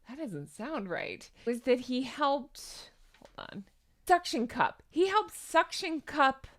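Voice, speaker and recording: A woman's voice: fairly high pitch, fairly bright tone. A woman hosting an opinionated celebrity commentary, sarcastic and incredulous, hedging her claims with asides. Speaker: commentary host.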